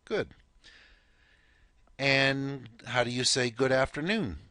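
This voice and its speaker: A man's voice: medium pitch, takes it slowly, sharp tone, no echo. A man teaching a language lesson, patiently repeating words and prompting the listener to say them back. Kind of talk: slow step-by-step language lesson.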